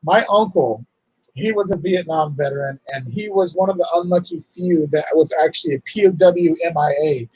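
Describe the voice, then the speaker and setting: A man hosting a casual livestream, talking in an emotional, halting, apologetic way. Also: fairly high pitch, a little mellow, husky, no echo, poor audio. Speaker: livestream host.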